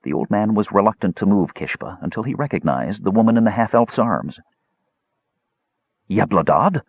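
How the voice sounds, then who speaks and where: A man narrating a fantasy story in a dramatic, expressive reading. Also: lowish voice, a little fast, creaky, slightly rough, no room sound, narrow, tinny audio. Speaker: audiobook narrator.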